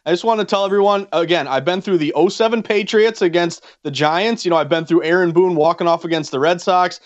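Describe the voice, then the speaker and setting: Fast-talking excited sports radio man. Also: high voice. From New England. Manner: fast, enthusiastic, rambling with restarts. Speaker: co-host. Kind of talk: sports betting radio chat. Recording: slightly dull lo-fi sound.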